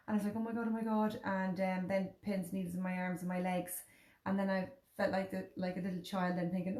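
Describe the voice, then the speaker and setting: An Irish woman in her thirties tells a personal story in a casual chat. She acts out other people's words as she goes. Her voice sits at a middle pitch and carries a roomy echo. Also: flat delivery, fast talker, darkish tone. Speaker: host.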